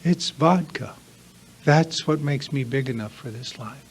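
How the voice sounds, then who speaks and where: A man's voice: medium pitch, measured pace, a little hiss or hum. A man giving a confessional recovery workshop talk to a live group, earnest and emphatic, piling up repeated lists. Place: meeting room with a live audience.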